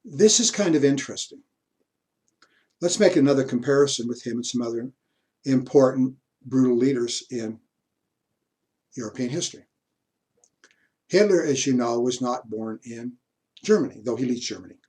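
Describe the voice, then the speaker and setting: A man giving a university history lecture, unhurried, pausing mid-sentence and adding asides. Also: medium pitch, a little mellow.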